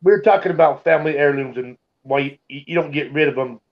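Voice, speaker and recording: A man's voice: fairly high pitch, quick pace. Easygoing man, slightly dull audio. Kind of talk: casual chat.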